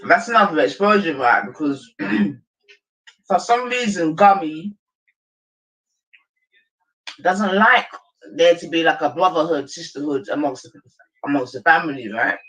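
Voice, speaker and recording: London man hosting a stream; lively slang commentary, somewhat high-pitched. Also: measured pace, pauses often, low-quality recording. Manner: animated, slangy, addresses viewers as family. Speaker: livestream host. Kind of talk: casual commentary.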